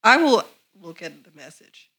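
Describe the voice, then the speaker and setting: A woman's voice: a little high, big pitch swings, normal speed, bright, forceful tone. A young woman in casual chat with a dry, teasing manner.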